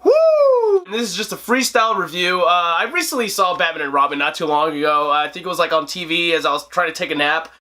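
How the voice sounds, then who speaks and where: High, bright-voiced young man joking. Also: fast, few pauses. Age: 20s. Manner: animated, joking, laughs often. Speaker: host. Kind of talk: casual movie review vlog.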